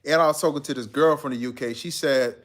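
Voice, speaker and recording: A man's voice: medium pitch, fast, fairly bright tone. A man hosting a live stream, chatting casually and reading out viewer comments in a laid-back, slangy way. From United States.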